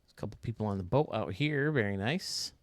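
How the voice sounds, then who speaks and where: Excitable man narrating gameplay. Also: lowish voice, a little fast, no echo. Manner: chatty, excitable, talks to viewers. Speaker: video game stadium reviewer. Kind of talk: casual gameplay commentary.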